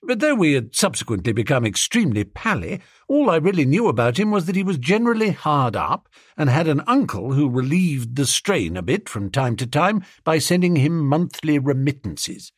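Lively, slightly husky male narrator. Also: fairly high pitch, moderate pace, hardly any pauses, no echo, clean studio sound. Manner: breezy, lively storytelling. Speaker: audiobook narrator. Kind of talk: scripted narration of a comic novel.

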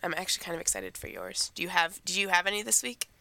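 A woman's voice: on the low side, very animated, fast talker, creaky, sharp tone, a little hiss or hum. A teenage girl co-hosting a podcast, chatting in a rambling way about her week while getting over a cold. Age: teens. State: recovering from a cold. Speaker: podcast co-host. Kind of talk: casual chat.

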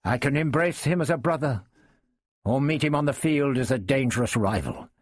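A man's voice: medium pitch, normal speed, no room sound, clean studio sound, close to an everyday voice. A man voicing a proud medieval king who speaks in a clipped, formal, commanding way. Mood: brooding.

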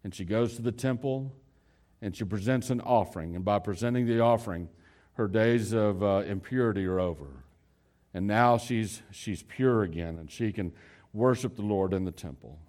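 Speaking at a normal pace, a male preacher retells a story conversationally, using fillers and restarting phrases, and moves between booming emphasis and quiet, low lines.

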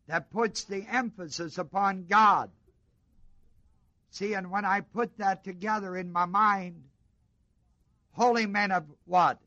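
A middle-aged male preacher with a high, bright, ringing voice delivers a sermon at an unhurried pace. He throws questions out to the congregation and hammers key words through repetition. The sound is dry and close, with no room echo. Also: lo-fi sound. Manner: call-and-response questions to the congregation, emphatic repetition.

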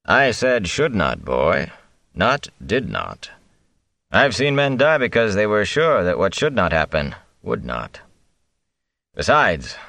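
A man reading an audiobook, voicing a stern, firm middle-aged farmer father who speaks in a measured way. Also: lowish voice, fairly bright tone, no echo. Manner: measured, deliberate, brooks no argument. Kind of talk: audiobook character voice.

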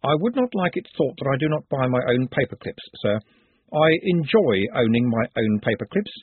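A man's voice: mid-range voice, sing-song, moderate pace, slightly rough, no room sound. A man voicing a prim, precise male secretary who talks in a formal, literal, solemn way. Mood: earnest. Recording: dry, phone-like narrow sound.

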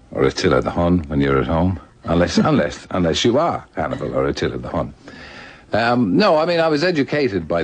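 A man's voice: rumbling low, slightly rough, no room sound. An older Irish man telling stories in a radio conversation, laughing often and slipping into little voices. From Ireland. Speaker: guest author.

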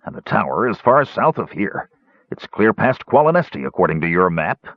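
A man doing Caramon, a gruff sullen warrior. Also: lowish voice, very animated, normal speed, dry recording, lo-fi sound. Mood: disbelieving. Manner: gruff and heavy. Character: big burly warrior man, bitter and sullen.

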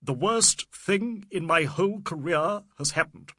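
A man's voice: sits high, lively intonation, measured pace, bright, forceful tone, no echo, clean studio sound, pitched above the performer's own voice, exaggerated voice. A man voicing a grave, shaken colonial official. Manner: solemn, intense. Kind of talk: audiobook character voice.

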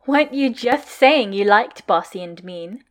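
A woman's voice: medium pitch, expressive, unhurried, lightly acted. A woman voicing a sly young man who teases in a pouty, mock-sweet way, in a podfic reading. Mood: teasing. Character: teasing, sly young man, playfully cruel.

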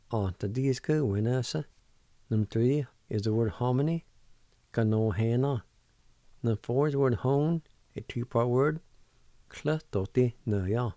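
A man hosting a radio language lesson. He spells words letter by letter and says them again slowly, one syllable at a time, in a patient, deliberate way. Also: medium pitch, mellow, dry recording. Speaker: radio host teaching vocabulary.

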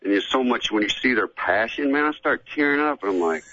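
Animated and a little fast, this ex-football player's mid-range voice comes across pushed and bright. The middle-aged man drawls easily through a casual radio interview, saying "man" often, and the audio is dull lo-fi radio.

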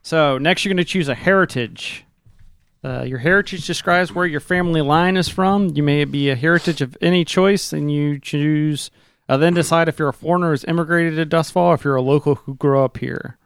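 A man's voice: fairly high pitch, a little fast, clean tone, no echo. A man running a tabletop game, explaining the rules casually with many fillers. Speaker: game master.

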